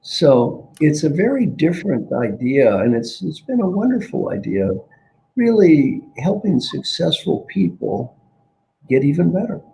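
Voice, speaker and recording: A man's voice: fairly high pitch, very animated, a little slow, vocal fry, mellow, low-quality recording. An older man, a guest coach, talking reflectively in an interview and repeating key phrases for emphasis. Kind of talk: reflective interview talk with storytelling.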